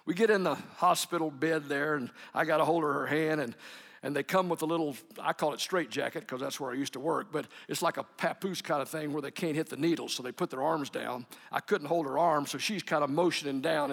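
A man's voice: on the high side, brisk, vocal fry. A middle-aged man telling stories in a sermon, with chuckles and sudden drops to near whispers. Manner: warm anecdotes with chuckles, dropping to near whispers. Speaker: preacher. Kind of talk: sermon storytelling. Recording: echoey hall.

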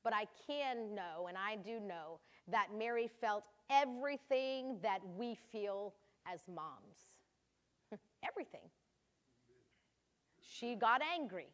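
A high-pitched older woman giving a devotional talk to fellow mothers. She speaks in a reflective, heartfelt way and laughs easily.

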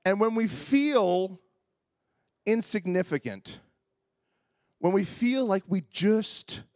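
A man's voice: sits high, animated, slow, a little mellow, dry recording, studio quality. A man in his fifties, a pastor telling a humorous, self-deprecating story in a sermon and acting out the voices of the people in it.

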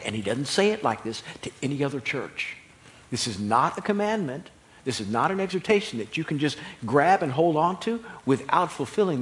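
A man preaching a sermon as pastor, building from calm teaching to loud, emphatic preaching. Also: medium pitch.

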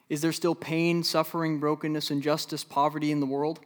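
A Midwestern pastor preaching a sermon in a slightly high male voice. He rises to loud, insistent emphasis and then settles into slow, hushed passages. The sound carries the long reverb of a large hall. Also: little pitch movement. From American Midwest.

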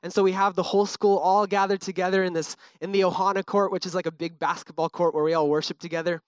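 A man's voice: sits high, level tone, quick pace, clear, resonant tone, dry recording. A young man giving an earnest, casual personal testimony, full of fillers. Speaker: speaker sharing a testimony.

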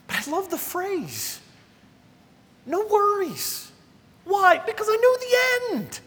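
A man's voice: extremely high pitch, huge pitch swings, unhurried, pushed and bright, in a large hall. A male pastor preaching a sermon in a conversational, emphatic way, speaking straight to his congregation.

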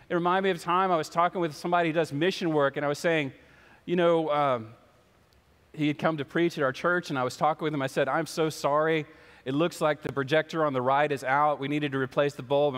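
A man's voice: a little high, big-room sound. A man preaching a sermon in a church, telling a story and acting out the voices of the people in it. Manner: storytelling, acts out the voices in his anecdotes. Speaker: pastor. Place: church sanctuary.

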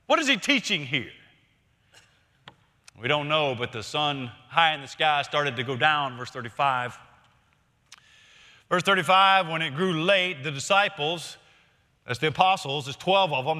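A man's voice: fairly high pitch, sharp tone, long reverb tail. A middle-aged male pastor preaching a sermon in a conversational, storytelling way, asking the listeners questions.

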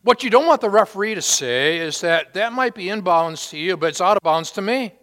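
A male pastor preaching a sermon with long pauses, dropping to a hush and then rising to loud, emphatic peaks. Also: high-pitched, lively intonation. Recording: hall reverb.

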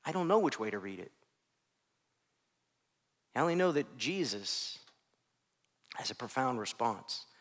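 A man preaching a sermon in a conversational way, with self-deprecating asides, often dropping to soft hushed phrases. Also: mid-range voice, big pitch swings, a little slow, long pauses. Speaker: pastor.

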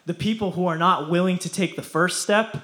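A man's voice: high voice, brisk, a bit bright. A young man preaching a casual youth sermon, slangy and playful, often laughing as he talks.

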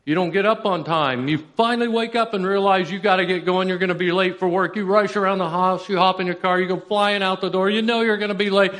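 Male pastor, slightly high voice, storytelling sermon, lingering church reverb. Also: fairly even intonation, a bit bright. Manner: storytelling with dramatic pauses and rising intensity. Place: church sanctuary.

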